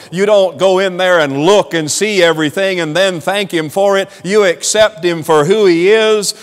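Southern pastor preaching in a reverberant church. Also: male voice, high-pitched. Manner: animated preaching, rising and falling in volume, laughing asides. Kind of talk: sermon. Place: church sanctuary.

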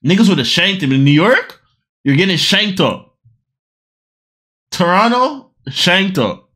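A woman hosting a casual reaction video. She is excitable and loud, repeats phrases over and over, and swears freely. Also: lowish voice, slow.

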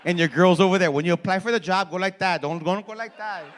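A high-pitched man speaks at a quick pace, doing brash and profane crowd work as a stand-up comic. The comedy club audience responds with laughter.

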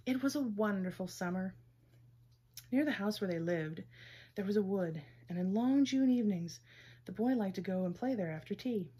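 A woman gently reading a children's story aloud in a measured way. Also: mid-range voice, lively intonation, slightly rough.

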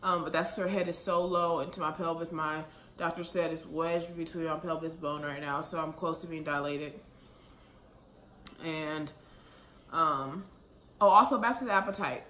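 Young woman, casual vlogger, slightly breathless, bright voice, echoey room. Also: deep voice, fairly even intonation. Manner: chatty, rambling, fast with many fillers. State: pregnant and out of breath. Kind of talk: casual vlog talk to camera. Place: room at home, late at night. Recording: echoey room with faint ambient noise.

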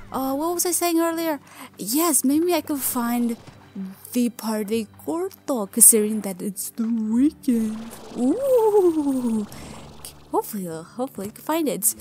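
High-pitched, excitable woman gaming. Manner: excitable, gushing, talks to the viewers. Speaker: gaming video creator. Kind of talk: game commentary.

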